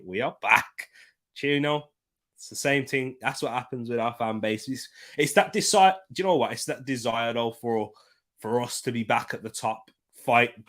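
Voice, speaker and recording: An excitable young man calls a football match live for his viewers over a desk microphone. His voice sits a touch high, and he flips between running commentary and loose chat, bursting out loudly when a chance comes. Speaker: watchalong host.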